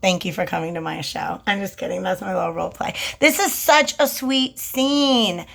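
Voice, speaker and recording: A woman's voice: medium pitch, normal speed, gravelly, a bit bright. Chatty, slangy woman tarot reader. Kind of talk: casual tarot reading vlog.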